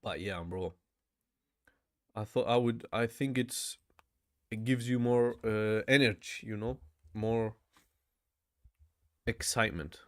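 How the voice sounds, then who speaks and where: A man's voice: fairly low pitch, takes it slowly, long pauses, a bit bright. Chatty man repeating words aloud. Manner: thinks aloud, repeats words, says "bro" often. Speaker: language learner vlogger. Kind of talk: casual study vlog.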